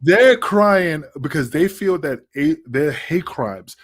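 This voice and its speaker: This man talks in a loose, profane podcast chat, telling stories in an animated way and acting out the people in them. His voice sits a bit higher than most men's, and he hammers his points home with emphasis. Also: slow. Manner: animated storyteller who acts out voices; swears freely, emphatic. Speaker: podcast guest, wrestler.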